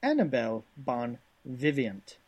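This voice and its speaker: A man's voice: mid-range voice, sing-song, a little slow, darkish tone, a little hiss or hum. A man reading a retro game booklet aloud in a put-on Cajun accent, playing an overblown male announcer. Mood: hammy, drawling. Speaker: podcast co-host.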